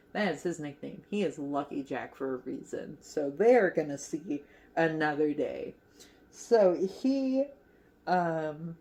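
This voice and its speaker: A woman's voice: deep voice, mellow. A woman casually recapping a movie as a crochet vlogger, chatty and giggly, with lots of fillers.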